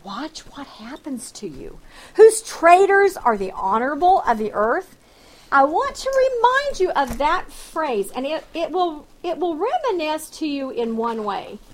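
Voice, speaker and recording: A woman with a high voice leads a verse-by-verse Bible study. She reads the scripture aloud with dramatic emphasis, then explains it in plain, conversational terms with sarcastic asides. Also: big pitch swings, measured pace, rough recording. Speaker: Bible teacher.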